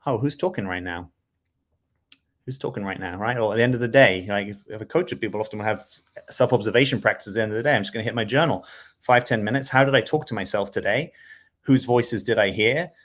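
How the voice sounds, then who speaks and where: A man's voice: lowish voice, quick pace, fairly bright tone. A man speaking as a self-development coach in a reflective solo talk to camera, often checking in with "right?".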